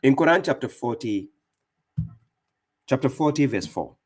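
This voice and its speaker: A man's voice: medium pitch, animated, moderate pace, husky. A man giving fierce, mocking religious commentary as an Islamic debater and streamer, speaking with heavy emphasis.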